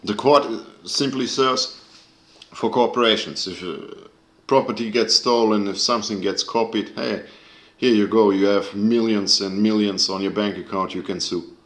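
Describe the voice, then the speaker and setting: Deep-voiced man ranting angrily, echoey room. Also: fairly even intonation, moderate pace, a bit bright. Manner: angry, profane, searching for words. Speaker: video creator. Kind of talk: casual rant to camera.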